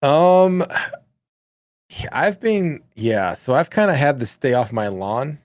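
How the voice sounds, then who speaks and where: A man in the middle of his pitch range, chatting on a podcast and ranting with playful, exaggerated grumbling. His voice sounds dry and close, with no room around it. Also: very animated, slow, darkish tone, no room sound. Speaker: podcast co-host. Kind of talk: casual chat.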